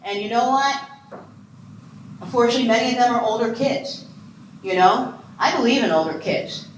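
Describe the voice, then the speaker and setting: A woman in her sixties from Ohio giving an animated, humorous keynote talk on adoption and quizzing her audience. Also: a little high, normal speed. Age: 60s. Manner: animated, chatty, self-deprecating humor. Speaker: conference speaker on foster care and adoption. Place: conference hall. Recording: echoey room with faint noise.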